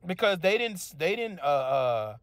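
High-voiced man teaching scripture casually. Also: very animated, dry recording. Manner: reads verses slowly, then explains in loose street slang. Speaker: religious teacher.

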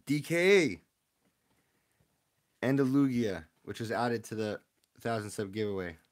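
A man opening trading card packs on a live stream, chatting excitedly with his viewers in a casual, rambling way. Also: mid-range voice, a little slow.

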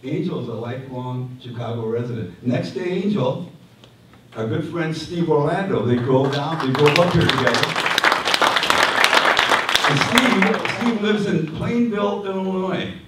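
In a community hall, a man moderates a conference panel, introducing the speakers with joking asides and plenty of restarts. His voice is a little high with lively intonation, and he takes his time. The recording is echoey and distant, with crowd noise and some faint background noise.

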